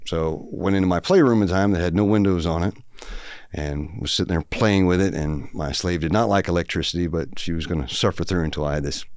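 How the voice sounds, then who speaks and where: A man's voice: low-pitched, a little fast, darkish tone, smooth, no room sound, studio quality. A man telling a long story in a casual, rambling, matter-of-fact way as a podcast guest. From Texas.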